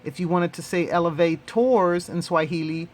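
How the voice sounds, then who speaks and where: A man hosting and teaching a language lesson, repeating each word three times in a deliberate way. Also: fairly high pitch. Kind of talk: slow, repetitive language lesson.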